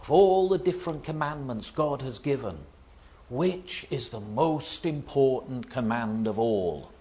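A man preaching a sermon, building to loud emphatic stresses on key words. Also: mid-range voice, lively intonation, measured pace, lo-fi sound.

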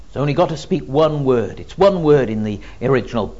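A man preaching an expository Bible teaching, emphatic and expressive, with frequent ums. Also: mid-range voice, a little fast, muffled recording.

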